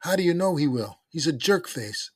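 A man voicing a timid, worried young boy in a storybook reading, pitching his voice high and childish. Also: lively intonation, moderate pace, dry recording, clean studio sound. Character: anxious little boy, timid and whiny.

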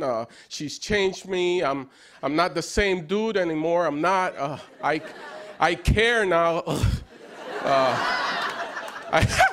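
A man in his thirties with a high voice performs a self-deprecating stand-up set on late-night TV, joking wryly and breaking into excited yells. He's on a studio stage before a live audience, and the broadcast recording is full of loud laughter and applause.

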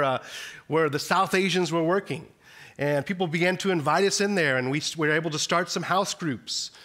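A man's voice: fairly high pitch, a bit bright. Earnest man preaching in chapel. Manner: earnest, with frequent restarts. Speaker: missionary speaker. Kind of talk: chapel sermon.

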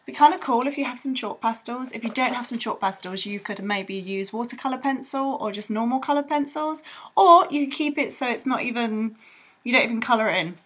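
A woman's voice: fairly high pitch, brisk, a bit bright, husky. A young woman teaching children to draw in a bubbly, rambling way with playful sound effects. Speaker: art tutor. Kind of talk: drawing tutorial for children.

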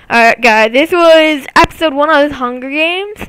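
A woman with a high, bright, piercing voice gives excitable, taunting commentary on her own game straight to viewers. The sound is close and completely dry, picked up on a computer mic at home. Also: normal speed, no room sound. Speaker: gameplay commentator.

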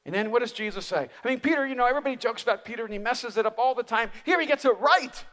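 A man preaching a sermon as an animated, humorous storyteller. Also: very high voice, fast talker. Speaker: speaker. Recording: reverberant live hall.

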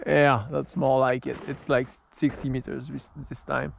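A man's voice: mid-range voice, measured pace, gravelly, hardly any pauses, muffled recording, slight background noise. A man with a French accent, chatting casually as he flies a glider outdoors in the snow, laughing often and restarting his sentences. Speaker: RC glider pilot and vlogger. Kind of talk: casual running commentary while flying. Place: outdoors on a snowy, freezing field.

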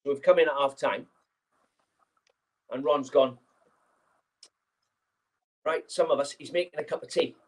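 A man telling an anecdote as a guest speaker, lively and acting out the scenes as he goes. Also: medium pitch, normal speed, long pauses, breathy edge, poor audio. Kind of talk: anecdotal storytelling.

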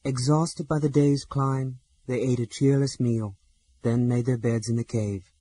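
A man narrating an audiobook in a measured, expressive storytelling manner with a husky voice. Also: mid-range voice. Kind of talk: scripted narration.

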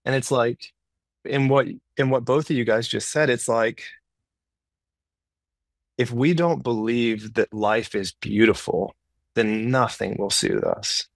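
A man's voice: medium pitch, slow pace, gravelly, dry recording. A man hosting a casual podcast conversation who thinks aloud and searches for his words, often saying "it's like". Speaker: podcast host.

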